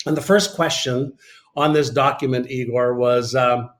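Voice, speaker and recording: A man from Canada telling a candid personal story as an interview guest, animated and full of fillers. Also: fairly high pitch, normal speed. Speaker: podcast guest.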